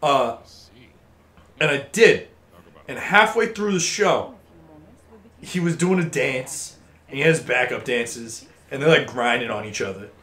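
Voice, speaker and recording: Animated young man ranting in an echoey room. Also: mid-range voice, unhurried, pauses often. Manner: animated ranting storyteller, swears freely. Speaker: host. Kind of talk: casual podcast chat over gameplay.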